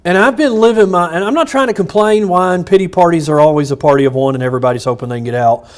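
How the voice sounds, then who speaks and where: A man's voice: high voice, quick pace. A middle-aged man, a pastor teaching a Bible study in a loose, personal way, with restarts and chuckles.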